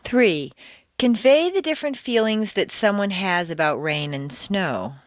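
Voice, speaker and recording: A woman teaching pronunciation on a scripted audio course, speaking deliberately and exaggerating the stressed words. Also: medium pitch, animated.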